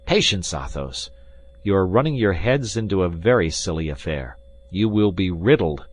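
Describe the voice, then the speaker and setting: A man voicing a bold, quick-witted young swordsman who speaks loudly and commandingly. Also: deep voice, sing-song. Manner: loud and commanding.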